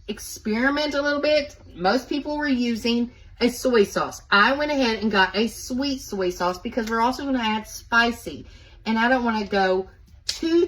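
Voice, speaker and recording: A woman's voice: on the high side, fairly bright tone, slight background noise, poor audio. A woman hosting a casual home cooking video, chatting to viewers as she walks them through each step.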